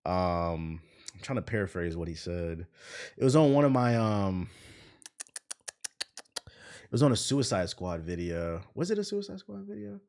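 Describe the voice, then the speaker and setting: A man hosting a livestream, chatting casually and retelling arguments by quoting people in lively bursts. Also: low voice, unhurried, vocal fry, long pauses. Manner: animated storytelling, quoting others. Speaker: livestream host. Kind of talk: casual stream chat.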